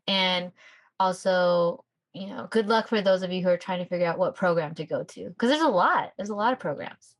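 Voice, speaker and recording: A woman co-hosting a casual podcast, talking in an upbeat way and acting out quoted feelings with lively swings. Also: lowish voice, a little fast. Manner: upbeat, acts out excited quotes. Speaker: podcast co-host, sonographer.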